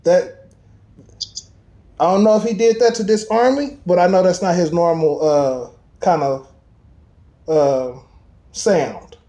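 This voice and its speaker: High-voiced man telling a story emphatically. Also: takes it slowly, pauses often. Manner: animated, emphatic storytelling with slang. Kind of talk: casual chat.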